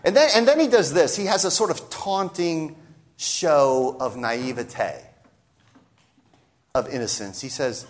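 A man preaching a sermon, talking straight to his listeners and acting out the voices in the story he tells. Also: unhurried. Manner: animated, sweeping pitch and loudness, acts out quoted voices.

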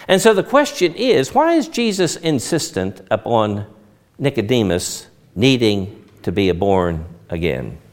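A man preaching a sermon in an emphatic, expressive way, his voice dropping suddenly at times. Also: medium pitch. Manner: emphatic, expressive delivery with sudden drops in volume.

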